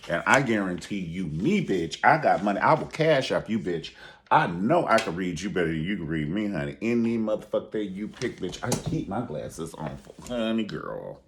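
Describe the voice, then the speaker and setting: Sassy profane man with a low voice. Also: big pitch swings, normal speed, slight background noise. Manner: sassy, profane, dramatic, acts out quotes in high voices. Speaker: reality TV reviewer. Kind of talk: animated casual commentary.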